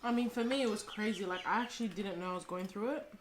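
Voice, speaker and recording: A woman co-host in casual chat, speaking quietly and hesitantly. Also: medium pitch, fast talker. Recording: clear background noise.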